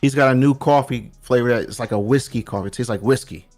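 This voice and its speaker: A man from New York with a New York accent, chatting casually as a guest and telling animated stories in loose slang. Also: medium pitch, fast, soft background music. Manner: animated storyteller, acts out quoted voices, loose slangy talk. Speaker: podcast guest. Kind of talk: casual chat. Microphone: remote call.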